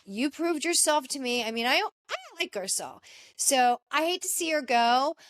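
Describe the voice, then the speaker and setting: A woman's voice: high-pitched, expressive, normal speed, fairly bright tone. A woman hosting a podcast, chatting casually and gushing about a reality TV reunion, with frequent fillers. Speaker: podcast host.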